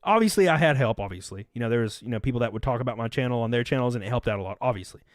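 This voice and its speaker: Male streamer in his 30s, rambling and profane, with a lively, swooping delivery and a dry, close sound. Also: mid-range voice, very fast, no room sound. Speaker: livestream host. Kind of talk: casual storytelling to a live chat.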